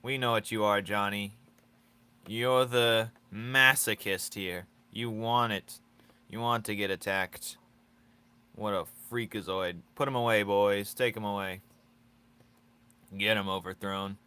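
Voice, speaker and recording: Slow-talking bright-voiced teasing streamer man. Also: on the low side, steady tone, clear, resonant tone. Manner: teasing, joking, laughs often. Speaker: streamer drawing live and chatting with viewers. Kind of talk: casual live-stream chat.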